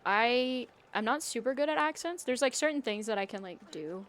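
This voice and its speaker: A woman's voice: a little high, expressive, moderate pace, a bit bright. A young woman streaming live, chatting casually with viewers in a rambling way, full of fillers and frequent laughter. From United States.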